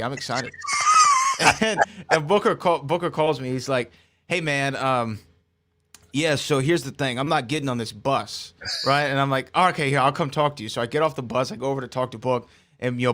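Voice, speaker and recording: A man co-hosting a podcast, telling stories in casual chat and laughing often. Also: mid-range voice. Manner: lively, laughing storyteller. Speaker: podcast co-host.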